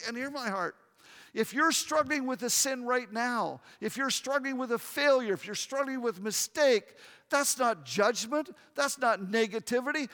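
Male pastor preaching earnestly, high, gravelly voice, long reverb in a church. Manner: earnest preaching, drops to hushed tones for emphasis. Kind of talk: sermon.

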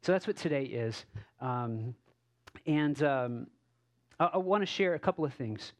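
A man preaching as a pastor in a relaxed, conversational sermon, telling stories with asides and frequent restarts. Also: medium pitch, measured pace. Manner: casual, self-correcting, storytelling with asides. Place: church service.

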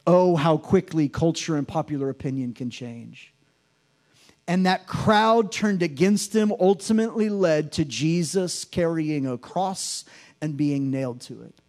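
High-voiced male pastor preaching dramatically. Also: measured pace, a little mellow. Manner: dramatic, mimics mocking voices in readings. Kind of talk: sermon reading scripture.

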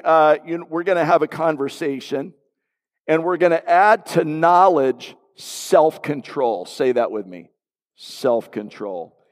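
A middle-aged man, a pastor, preaching a sermon and telling a personal story with asides to the congregation. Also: a little high. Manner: storytelling, conversational with audience asides. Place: church sanctuary. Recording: long hall reverb.

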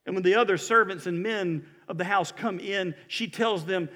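High-voiced, emphatic male preacher. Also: moderate pace, few pauses, big-room sound. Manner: animated storytelling, emphatic. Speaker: pastor. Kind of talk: sermon. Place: church building.

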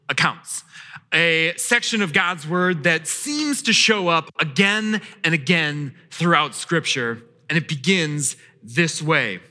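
Pastor with a high, sharp voice in a reverberant hall. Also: male voice. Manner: storytelling with acted quotes and sudden shifts in loudness. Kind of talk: sermon. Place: church sanctuary. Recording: long church hall reverb.

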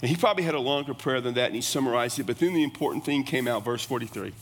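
A man's voice: medium pitch, racing. A man preaching a sermon in a folksy, conversational way. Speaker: pastor. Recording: long reverb of a large hall.

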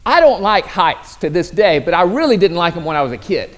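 Pastor, male, high voice, storytelling sermon, repeats words at phrase starts, shifts between loud and quiet. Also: very animated, fairly quick. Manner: storytelling, swings between loud bursts and hushed lines.

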